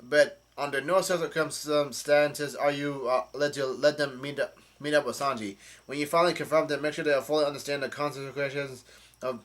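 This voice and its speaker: A man's voice: medium pitch, steady tone, normal speed, a bit bright, natural voice. A man reading the lines of a gloating female witch villain from a comic, in a near-plain voice with slips and restarts. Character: mirror-powered female witch villain, cackling.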